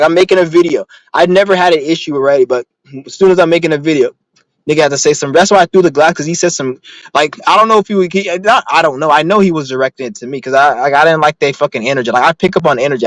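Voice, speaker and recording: A man's voice: on the high side, very fast, dry recording, low-quality recording. A young man talking casually to the camera from his car, rambling and swearing while telling stories, agitated and blunt. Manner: profane, rambling, agitated storytelling. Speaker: vlogger.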